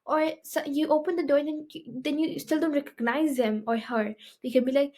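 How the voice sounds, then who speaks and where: A woman with a slightly high voice teaches a beginner French lesson. She explains step by step and keeps checking in with her listeners. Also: steady tone, fairly quick, a little mellow. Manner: explanatory, often checks with "okay?".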